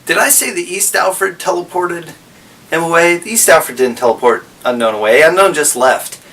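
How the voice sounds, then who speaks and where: A man's voice: a little high, expressive, normal speed, fairly bright tone, distant mic. A man casually recapping a story, rambling and correcting himself as he goes.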